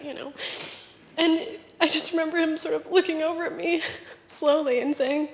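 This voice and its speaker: A young woman giving an emotional speech at a memorial service, halting, restarting and laughing through tears. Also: high voice, fairly even intonation. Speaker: memorial speaker. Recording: echoey hall with long reverb.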